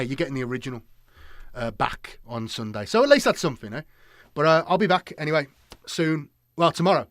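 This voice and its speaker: A man's voice: a little high, a bit bright, dry recording, studio quality. A man chatting casually to his live-stream viewers, rambling and repeating himself with many fillers.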